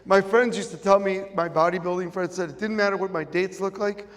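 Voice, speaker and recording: Brisk and steady, a high-voiced middle-aged man with a Chicago accent gives an emphatic motivational talk, circling back to his key phrases. He's speaking to an audience in an event room, and the recording carries a long large-room reverb.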